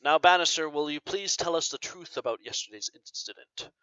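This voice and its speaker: A man reading aloud as a calm, suave detective questioning a suspect. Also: fairly high pitch, brisk, smooth, dry recording, pitched above the performer's own voice. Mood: probing. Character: calm probing male detective interrogating. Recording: slightly dull lo-fi recording.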